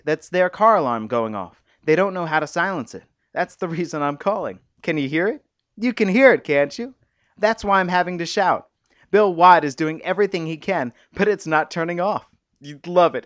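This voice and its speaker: A man voicing a cheerful young wife, speaking higher and livelier than his own voice, on a dull recording. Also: expressive, normal speed, fairly bright tone, no room sound. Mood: excited, shouting.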